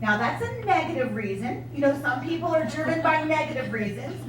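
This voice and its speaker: Woman, high voice, motivational speaker, animated storytelling, echoey room, distant mic. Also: a little fast, noisy background. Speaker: sales director giving a talk. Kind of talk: motivational speech to an audience.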